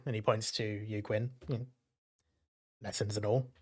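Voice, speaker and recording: A man's voice: lowish voice, little pitch movement, normal speed, darkish tone, husky. A man narrating a tabletop game as game master, in a loose, rambling way with many fillers.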